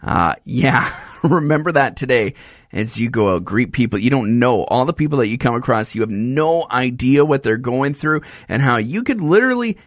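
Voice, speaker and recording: A man's voice: medium pitch, animated, normal speed, no echo. Upbeat male radio host, dry studio. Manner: upbeat, encouraging presenter. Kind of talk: radio show talk. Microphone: studio microphone.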